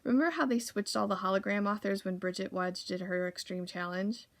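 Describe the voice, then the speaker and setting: A knowing, bookish girl , read by a woman close to her own voice, reeling off facts in a storybook reading. The voice has a faint gravelly texture. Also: mid-range voice, steady tone, a little fast, natural voice.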